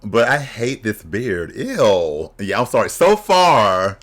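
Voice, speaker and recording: A man with a fairly low, slightly bright voice hosts a casual drag reaction video, speaking slowly but with lots of animation. He's candid and blunt, trading bawdy jokes and laughing often.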